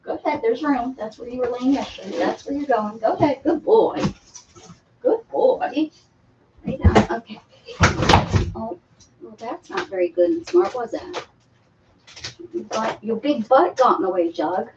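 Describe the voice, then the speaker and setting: Woman, crafting livestream host, casual rambling chat, slightly high voice, faint background hiss. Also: expressive, normal speed, pauses often. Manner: chatty, apologetic, coos at her pets. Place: cluttered home room. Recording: dull lo-fi stream audio with faint noise.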